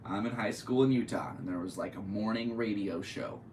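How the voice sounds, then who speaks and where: A low-voiced man from Connecticut rambles through a solo podcast, joking loosely. He sits away from the mic, so his voice echoes around his room. A faint hiss runs underneath. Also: brisk, a little mellow, distant mic. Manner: jokey, rambling, goofy. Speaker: podcast host.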